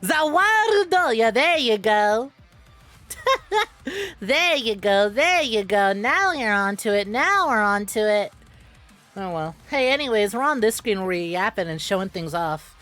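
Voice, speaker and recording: A woman's voice: mid-range voice, animated, measured pace, a bit bright, soft background music. A woman VTuber streamer, chatting casually on a live stream into a close mic, rambling, swearing freely and flipping between rants and laughter.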